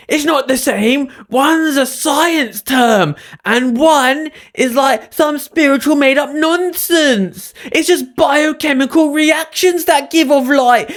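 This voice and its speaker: A man's voice: very high-pitched, fairly bright tone, pitched above the performer's own voice, heavily acted. A man voicing a condescending internet commenter in a whiny, know-it-all tone.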